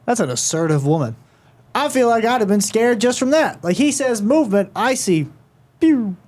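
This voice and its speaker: A man's voice: high voice, lively intonation, moderate pace, a little mellow. A young man giving teasing, wry commentary while reacting to a video. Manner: wry, teasing, dry remarks.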